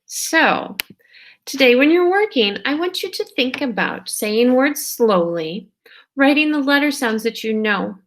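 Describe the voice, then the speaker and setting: Woman teacher, kindergarten phonics lesson; slow pace, draws out each sound, gentle check-ins. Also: high-pitched, expressive. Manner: stretches out sounds and words slowly, checks in with "okay?". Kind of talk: slow, patient phonics lesson for young children.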